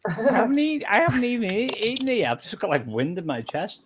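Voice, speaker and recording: A man's voice: high voice, wildly swooping pitch, fast, slight background noise. Man, musician guest, stammering, repeating words, hiccups, casual chat.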